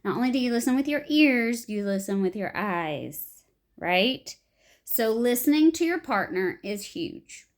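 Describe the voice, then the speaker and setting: Lively woman teaching improv basics. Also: on the high side, measured pace. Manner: animated, acts out short example lines. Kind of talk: explaining improv to beginners.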